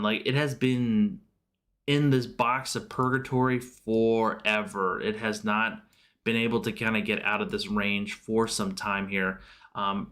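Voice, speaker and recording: A man's voice: lowish voice, fairly bright tone. A man hosting a casual live stream about stocks, loose and chatty with lots of fillers, answering viewers' questions. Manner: loose and chatty, many fillers and self-corrections. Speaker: livestream host.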